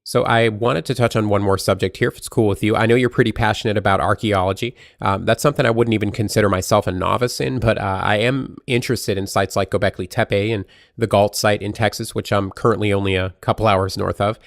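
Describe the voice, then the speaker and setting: A man hosting a podcast interview, asking questions in a friendly, relaxed way. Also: on the low side, fast, gravelly, dry recording, clean studio sound. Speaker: podcast host. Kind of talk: casual interview chat.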